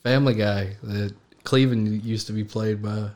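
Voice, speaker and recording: A man's voice: lowish voice, fairly even intonation, normal speed, darkish tone. A man on a podcast as a guest in casual chat, joking around and laughing easily.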